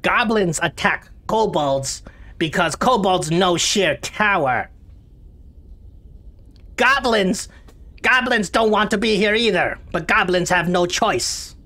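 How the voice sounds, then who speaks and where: A man's voice: lively intonation, slow pace, bright, forceful tone, full character voice. A man voicing a terrified, snarling goblin prisoner who talks in broken grammar. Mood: whiny. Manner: shrill, panicky, broken grammar.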